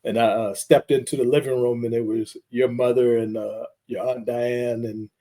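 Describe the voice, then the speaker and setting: A man's voice: medium pitch, normal speed. Easygoing male podcast host. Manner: easygoing storyteller, steady with light fillers. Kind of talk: casual interview talk.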